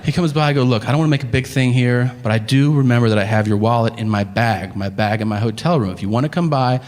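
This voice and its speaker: A man telling a stand-up story on stage, animated and profane, acting out other people with grunts and flat voices. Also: mid-range voice, fast talker. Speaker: stand-up comedian. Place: comedy stage before a live audience. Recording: stage mic in a hall with faint ambience.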